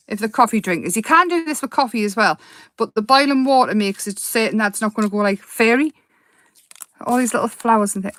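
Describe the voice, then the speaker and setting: A woman hosting a chatty crafting tutorial, rambling and giggling and easily excited as she explains her steps. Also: on the high side, dry recording.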